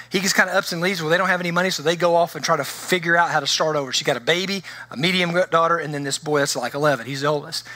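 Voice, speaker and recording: A man preaching a conversational sermon to his congregation, animated and full of restarts. His voice sits a little high and rings bright and forceful. The sound is close and dry. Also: no room sound. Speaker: pastor. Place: church sanctuary.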